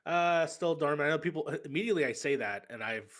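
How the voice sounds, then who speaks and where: A man's voice: fairly high pitch, fast, a bit bright. A man talking as a podcast guest in a casual chat, with lots of fillers and frequent laughs. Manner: laughs often, many fillers.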